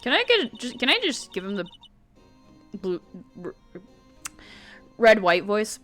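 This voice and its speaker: Playful woman streamer, lively pitch. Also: a little slow, faint music behind. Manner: playful, chatty and expressive. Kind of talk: casual game commentary.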